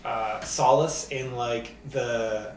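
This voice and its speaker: A man's voice: medium pitch, steady tone, very slow. A young man, a comedian co-hosting a podcast, rambling through a story with lots of filler words. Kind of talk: casual storytelling. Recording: roomy sound, distant from mic, faint room noise.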